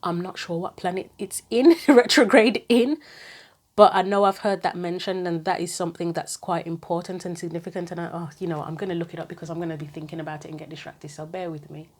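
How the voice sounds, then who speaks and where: Woman, tarot reader, fairly low voice, chatty and musing, reads guidance aloud. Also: steady tone, quick pace, a little mellow. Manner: thinks aloud, chatty asides. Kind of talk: casual tarot reading.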